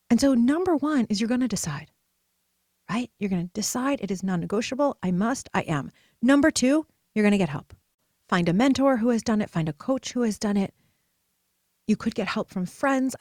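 A woman's voice: medium pitch, no room sound. Emphatic woman host, dry close sound. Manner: emphatic, personal, swings between soft and loud. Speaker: podcast host and purpose coach. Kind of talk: motivational solo podcast talk.

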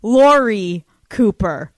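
A woman hosting her podcast in casual chat, brash and profane, quick and often laughing. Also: mid-range voice, animated, slight background noise. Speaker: podcast host.

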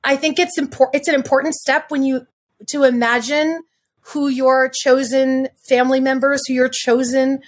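A woman's voice: sits high, level tone. A middle-aged woman, a podcast guest, talking effusively and rambling, a little stuffy from having cried. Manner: effusive, rambling, quick bursts of speech. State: stuffy nose from crying. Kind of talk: casual interview chat.

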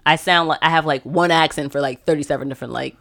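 A woman's voice: low voice, fairly even intonation, quick pace, gravelly, a bit bright. A woman hosting a podcast, chatting casually, rambling and laughing often. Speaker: podcast host.

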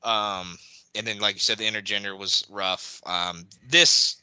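Forceful, low-voiced male podcast host. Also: flat delivery, moderate pace, clean tone, dry recording, rough recording. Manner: blunt, rambling wrestling opinions. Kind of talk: casual podcast chat.

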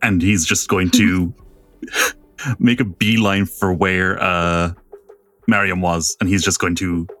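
A man's voice: low-pitched, fairly even intonation, slow pace, a bit bright, no room sound, soft background music. A man playing in a tabletop role-playing game, describing his character's actions in a laid-back way. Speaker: player.

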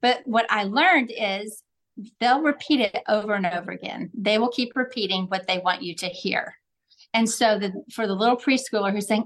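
Animated high-voiced woman parenting coach. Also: moderate pace. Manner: animated storyteller, acts out quotes with big pitch jumps. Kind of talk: podcast interview, storytelling.

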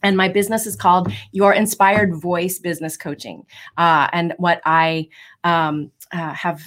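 An upbeat woman from the United States chats as a guest in an online interview and laughs easily between thoughts. She talks about her coaching work in a fairly low voice. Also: flat delivery, measured pace, fairly bright tone.

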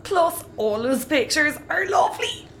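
An actress playing a ditzy yet fierce Irish navigator, blunt with deadpan threats. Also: female voice, sits high, measured pace, a little hiss or hum, exaggerated voice. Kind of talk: audio comedy drama acting.

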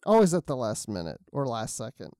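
Easygoing man with a dark, dry voice. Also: medium pitch, wildly swooping pitch, brisk, clean tone, dry recording. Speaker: podcast co-host. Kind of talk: casual chat reviewing a comic.

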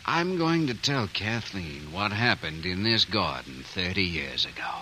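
An actor playing a stern older guardian in a 1940s radio drama, forceful and commanding. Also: male voice, low-pitched, sing-song, unhurried, very noisy. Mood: reminiscing. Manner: forceful, commanding, swings to tender. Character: stern older guardian nursing an old hatred. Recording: old radio broadcast with music.

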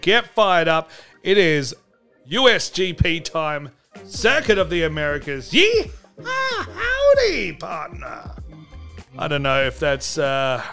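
A man hosting a comedy podcast, brash and sarcastic, hyping up merch with loud bursts. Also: fairly high pitch. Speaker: podcast host.

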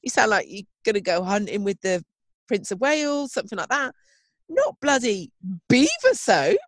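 A woman's voice: mid-range voice, animated, normal speed, no room sound. Playful woman podcast host, dry sound. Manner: playful, incredulous, laughs a lot. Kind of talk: casual chat.

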